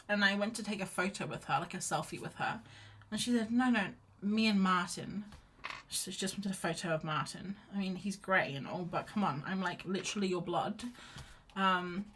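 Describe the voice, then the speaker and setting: A young woman with a lowish, slightly bright voice chats loosely as she sketches during a livestream, wandering off topic with fillers and restarts. There's slight background noise.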